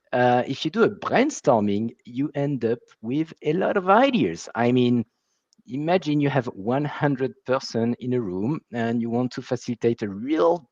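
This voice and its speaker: A man's voice: medium pitch, a little mellow, no room sound. Male guest, French accent, hesitant conversational delivery, dull, dry call-quality audio. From France. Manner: halting, restarts phrases, laughs easily. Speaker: guest facilitator. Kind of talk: casual interview chat.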